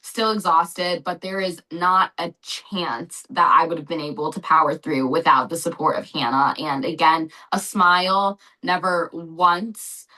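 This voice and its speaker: A woman's voice: fairly low pitch, steady tone, measured pace, hardly any pauses, bright, forceful tone, low-quality recording. A young woman answering interview questions in an earnest, effusive way, often saying "like.". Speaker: guest.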